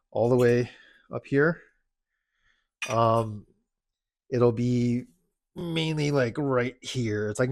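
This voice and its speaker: A man's voice: medium pitch, dry recording, clean studio sound. A man, out of breath in a cold, dim home garage, casually talking through car parts with lots of fillers and restarts. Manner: halting, filler-heavy explaining. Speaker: car enthusiast vlogger.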